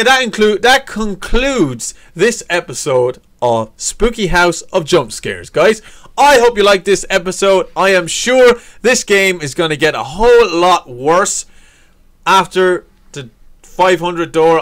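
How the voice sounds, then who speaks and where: A man's voice: high voice, fairly bright tone. A young man giving let's play commentary on a horror game, swearing and yelping whenever he gets scared. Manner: frantic, swearing, yelps when scared. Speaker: gaming YouTuber. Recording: game music playing underneath. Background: game music.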